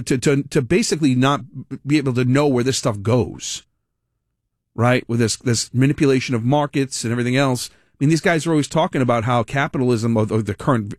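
A man's voice: mid-range voice, no room sound. Male radio host, opinionated political rant, sarcastic, dry close studio sound. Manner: animated, rambling, sarcastic, with mock impressions.

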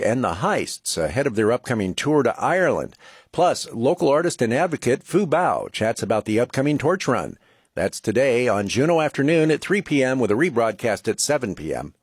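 A man's voice: medium pitch, husky, no room sound, clean studio sound. A man reading station announcements as a radio host, in an upbeat promo manner. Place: radio studio.

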